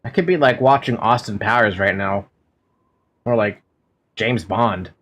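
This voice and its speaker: A man's voice: fairly low pitch, a little slow, a bit bright, soft background music. Playful young male game streamer. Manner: playful, giggly, melodramatic complaining. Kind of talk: casual game-stream chatter.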